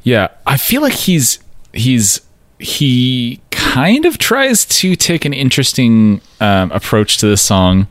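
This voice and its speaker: A man's voice: medium pitch, sing-song, slow, no room sound. A man co-hosting a podcast, chatting casually about song lyrics in a dry, joking way with fillers and laughs. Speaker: podcast co-host.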